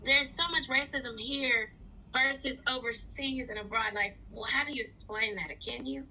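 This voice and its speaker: A woman's voice: sits high, steady tone, normal speed, bright, forceful tone, muffled recording, slight background noise. A woman hosting an interview over a video call, chatting casually and affirming the guest with frequent mm-hmms. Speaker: interview host.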